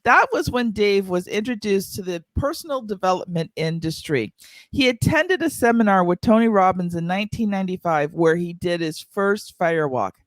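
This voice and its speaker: A woman's voice: medium pitch, animated, moderate pace, dry recording. A woman hosts a podcast, reading out her guest's introduction and then inviting him to tell his story. Her voice is recorded close and dry, with no room sound. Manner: reads the guest intro, then asks warm open questions. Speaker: podcast host. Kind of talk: podcast interview.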